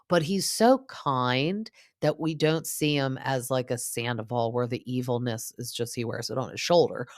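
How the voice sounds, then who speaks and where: A woman's voice: extremely low pitch, lively intonation, unhurried, hardly any pauses, no room sound, clean studio sound. A woman hosting a podcast, giving an opinionated, casual recap of reality TV and acting out what cast members said. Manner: chatty and opinionated, lots of fillers; mimics cast members in quoted asides. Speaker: podcast host.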